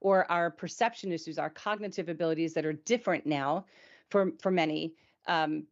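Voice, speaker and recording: A woman talking openly in a relaxed, reflective chat, her voice sitting a little low. She goes on at length and keeps checking in with her listener. The sound is dull and muffled, like an online call. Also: moderate pace. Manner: reflective, talks at length with frequent "right?" and "you know". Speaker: co-host of a patient support show. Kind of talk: candid conversational chat.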